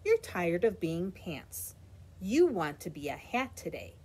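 A woman's voice: on the low side, sing-song, measured pace, darkish tone, slightly rough, heavily acted. A woman voicing a playful, bossy little boy who orders his clothes around.

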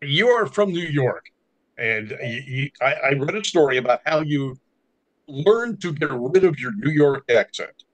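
A man's voice: on the high side, lively intonation, unhurried, low-quality recording. Easygoing male podcast co-host. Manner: easygoing, brief interjections. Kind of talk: casual podcast chat.

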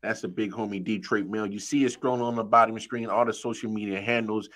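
A man's voice: lowish voice, steady tone, fast, fairly bright tone. A man hosting a podcast, teasing his co-hosts and wrapping up the episode. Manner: teasing, hypes guests. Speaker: podcast host. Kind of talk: casual podcast banter.

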